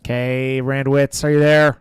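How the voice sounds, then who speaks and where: A man hosting a casual livestream giveaway, calling out winners' names loudly and joking between them. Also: medium pitch, flat delivery, unhurried, clear, resonant tone, no echo, studio quality.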